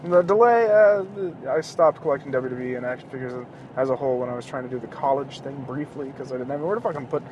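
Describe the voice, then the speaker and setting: A man's voice: mid-range voice, fast talker, a little mellow. A man in his thirties hosting a podcast, ranting casually and sarcastically with plenty of swearing, recorded in a car while driving home at night. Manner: profane, rambling, sarcastic. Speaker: podcast host. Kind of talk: casual solo rant. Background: faint passing traffic.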